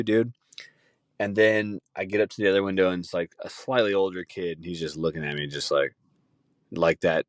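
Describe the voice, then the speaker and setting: A man's voice: low voice, fairly even intonation, brisk, no room sound, studio quality. A young man casually telling rambling stories on a podcast, swearing often and mimicking the people in them. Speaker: podcast host. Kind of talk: casual storytelling chat.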